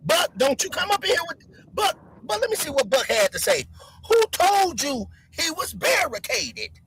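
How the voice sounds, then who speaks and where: Live stream host, heated rant at chat, wide swooping pitch, sharp bright tone. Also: normal speed, gravelly, slight background noise, poor audio. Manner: shouting, animated, mocking chatters by name.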